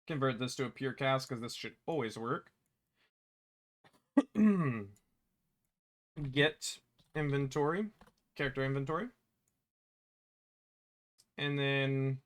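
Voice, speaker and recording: A man developing a game, thinking aloud in a halting way, correcting himself as he works and muttering to himself. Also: medium pitch, a bit bright. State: hiccuping. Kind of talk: thinking aloud while working.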